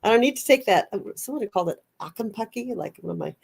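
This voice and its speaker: A woman's voice: fairly high pitch, expressive, fast, vocal fry, a little mellow, husky. A woman hosting a podcast in casual chat, a rambling storyteller who often restarts her sentences. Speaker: podcast host.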